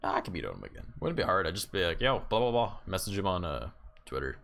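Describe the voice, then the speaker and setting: A man's voice: low-pitched, big pitch swings, fast talker, creaky, sharp tone, a little hiss or hum. A man streaming live, chatting casually and sarcastically, rambling and swearing freely. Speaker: livestreamer.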